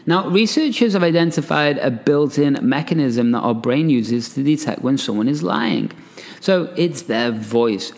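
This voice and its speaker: A man's voice: medium pitch, measured pace, vocal fry, big-room sound. A man hosting a solo podcast, talking casually and reading an article aloud with chatty asides and frequent "right?". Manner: animated, chatty, laughs often, asides with "right?". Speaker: podcast host and coach.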